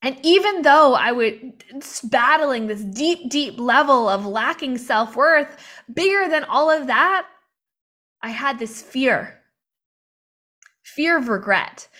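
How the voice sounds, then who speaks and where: Young woman, bit high voice, fired-up motivational coaching on a video call, laughs a lot. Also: a bit bright. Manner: impassioned, confiding, laughs often. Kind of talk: live online training talk.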